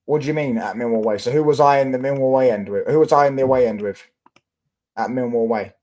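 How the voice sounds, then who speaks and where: A man's voice: medium pitch, quick pace, darkish tone. Slangy London man on a livestream. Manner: chatty, slangy, answers chat comments with swearing. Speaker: football livestream host. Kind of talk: casual livestream chat with viewers.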